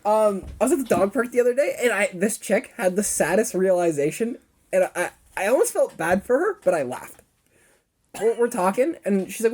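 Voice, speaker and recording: A man's voice: high voice, sing-song, a little fast, darkish tone, breathy edge. A young man co-hosting a podcast, chatting casually and telling rambling, playful stories with acted-out dialogue. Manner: rambling, playful storyteller, acts out quoted dialogue. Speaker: podcast co-host. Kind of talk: casual chat.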